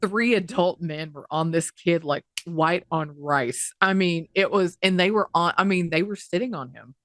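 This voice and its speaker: A woman's voice: on the low side, moderate pace, fairly bright tone, no echo, studio quality. A woman co-hosting a podcast in casual chat, talking indignantly at length and swearing freely. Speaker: podcast co-host.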